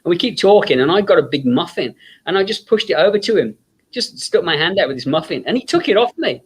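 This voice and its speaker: Guy telling a funny story, kinda high voice, does the voices, laughs a lot. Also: fast talker, breathy edge. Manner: animated storyteller, acts out quoted voices, laughs often. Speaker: guest filmmaker. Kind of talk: casual anecdote telling.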